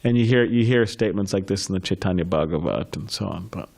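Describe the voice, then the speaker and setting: A man's voice: deep voice, fast, vocal fry, darkish tone. A man leading a scripture class, telling stories in a chatty way with laughs and restarts, then taking questions. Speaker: class speaker.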